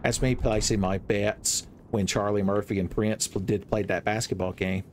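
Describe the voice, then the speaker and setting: A young man giving playful, joking commentary over his own gameplay, breaking into loud exclamations. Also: fairly low pitch, steady tone, normal speed, a little hiss or hum. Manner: playful, jokey, swings into loud shouted exclamations. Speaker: gaming video creator.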